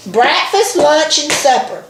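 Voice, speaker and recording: A woman from Alabama with a Southern accent and an animated, chatty manner, laughing often as she co-hosts a casual chat. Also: sits high, slow, echoey room, background noise. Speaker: co-host.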